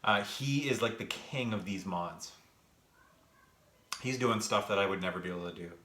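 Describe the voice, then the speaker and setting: Young man, out of breath, rambling casual chat, bright tone, echoey room. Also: on the low side, normal speed. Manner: chatty, rambling, with fillers, says he is out of breath. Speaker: gaming vlogger answering live chat. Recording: echoey room, faint background noise.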